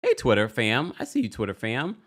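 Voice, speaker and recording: A man's voice: medium pitch, huge pitch swings, a little fast, a bit bright. A man hosting a live stream, chatting casually and reading viewer comments aloud as he goes. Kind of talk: casual live recap chat.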